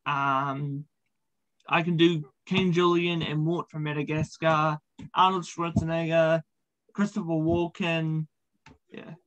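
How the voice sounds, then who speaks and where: A man's voice: a little high, little pitch movement, takes it slowly, a bit bright, low-quality recording. A man, chatting casually in an interview, with frequent ums and uhs. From New Zealand. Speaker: podcast host being interviewed.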